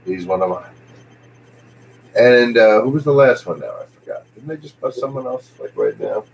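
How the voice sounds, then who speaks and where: A man's voice: mid-range voice, brisk, creaky, darkish tone, slight background noise, rough recording. A man rambling through a jokey comic monologue, jumping from one tangent to the next. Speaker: comedian host.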